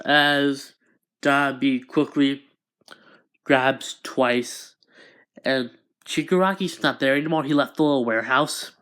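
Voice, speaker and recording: Man narrating a fan story, unhurried, middle pitch, stop-and-start delivery. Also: fairly even intonation, bright, forceful tone, clear, resonant tone. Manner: hesitant, restarts often.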